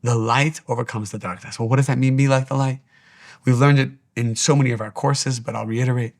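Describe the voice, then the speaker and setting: A man with a gravelly, creaky edge to his voice delivers a spiritual teaching monologue. He speaks with earnest conviction, returning again and again to the same exhortations, at a middling pitch. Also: fairly even intonation, brisk.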